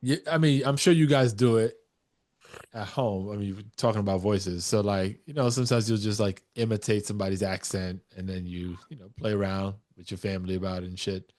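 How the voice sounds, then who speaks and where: A man's voice: on the low side, steady tone, a little fast, a little mellow. A man from New York co-hosting a dads' podcast, telling stories animatedly and swearing casually. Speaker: podcast co-host. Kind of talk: casual chat.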